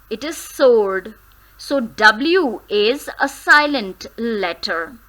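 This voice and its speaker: A woman teaches a grammar lesson, sounding words out carefully syllable by syllable. Her voice is bright and a little high, and she speaks at an unhurried, deliberate pace. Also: low-quality recording. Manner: slow, careful syllable-by-syllable drilling; switches briefly into Hindi.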